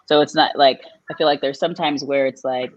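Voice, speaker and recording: A woman telling a personal story on a live podcast, animated, her voice jumping up high when she quotes people. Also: a little fast, no echo, lo-fi sound. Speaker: guest.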